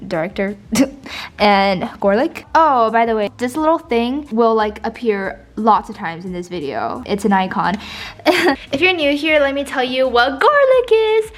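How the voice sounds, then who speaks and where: A teenage girl giving a casual vlog tour of her school notebooks, playful and giggly, hamming up what she reads aloud. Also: on the high side. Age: teens. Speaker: vlogger.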